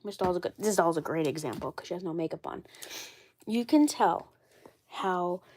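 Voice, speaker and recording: A woman's voice: fairly low pitch, lively intonation, moderate pace, darkish tone. Congested woman rambling about dolls. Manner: rambling, filler-heavy, repeats herself. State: congested with a cold. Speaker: doll collector vlogger. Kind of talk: casual live-stream chat.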